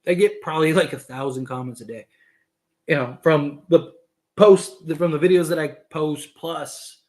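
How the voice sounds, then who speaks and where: A man's voice: a little high, moderate pace. Rambling man chatting on a livestream. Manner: rambling, filler-heavy, laughs often. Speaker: basketball commentator and streamer. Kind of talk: casual livestream chat.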